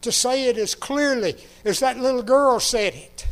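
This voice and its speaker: A man preaching a sermon, telling a story in a gently emphatic way. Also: very high voice, big pitch swings, normal speed, hardly any pauses. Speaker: pastor.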